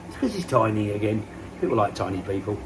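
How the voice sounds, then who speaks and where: A man's voice: on the low side, sing-song, fast talker, slight background noise, low-quality recording. A man, chatting casually and rambling on a vlog, self-mocking and swearing casually. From England. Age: 50s. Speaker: koi pond vlogger. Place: outdoors by a garden pond.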